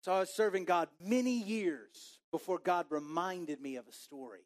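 Texas preacher guy in his 40s, pretty high voice, tells his story all animated, acts out his own head voice. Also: normal speed. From Texas, USA. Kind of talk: storytelling sermon.

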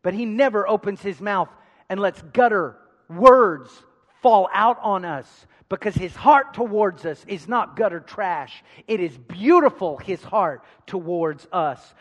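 A man preaching a sermon, calling out to the congregation for responses and swinging between loud emphasis and hushed asides. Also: high voice. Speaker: pastor. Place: large church hall. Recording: long hall reverb.

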